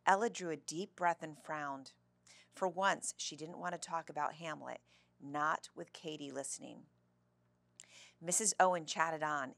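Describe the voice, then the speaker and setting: Low, gravelly woman reading a storybook. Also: normal speed, no echo. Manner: clear, steady reading for children. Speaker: staff member reading a children's book aloud. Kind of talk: storybook read-aloud.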